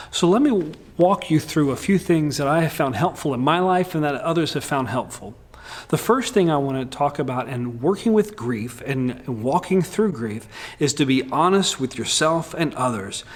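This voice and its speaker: A male pastor preaching a sermon in a candid, humorous way with lively swings in delivery. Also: medium pitch, slightly rough.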